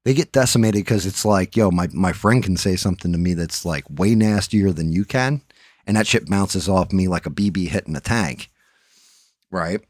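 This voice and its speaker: Middle-aged male streamer, deep voice, loose profane banter, dead-dry sound. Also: normal speed, dry recording. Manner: profane, rambling, joking. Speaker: livestream host. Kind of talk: casual live-stream chat.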